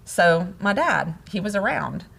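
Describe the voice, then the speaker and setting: A middle-aged woman co-hosting a casual talk on marriage, telling stories in an animated way and laughing often. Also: medium pitch, unhurried, creaky, breathy edge. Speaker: podcast co-host, wife. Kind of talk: casual conversation about marriage.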